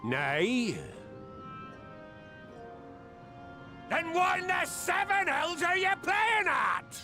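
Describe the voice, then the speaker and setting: An actor playing a weathered old male pirate captain who scolds and rallies his crew in gruff pirate speech for a game cutscene. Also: extremely high pitch, huge pitch swings, takes it slowly, sharp tone, full character voice. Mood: scolding. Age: older. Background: game music.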